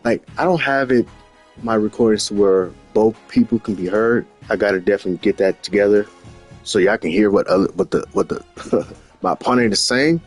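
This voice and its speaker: A man casually recapping his video game season, animated and profane, often repeating himself. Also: fairly low pitch, a little fast, faint music behind. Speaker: gaming channel host.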